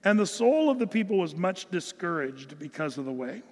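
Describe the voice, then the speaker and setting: A man's voice: sits high, sing-song, moderate pace, darkish tone, big-room sound. A man from the United States preaching an earnest, emphatic Bible-teaching sermon, often restarting his phrases. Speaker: pastor.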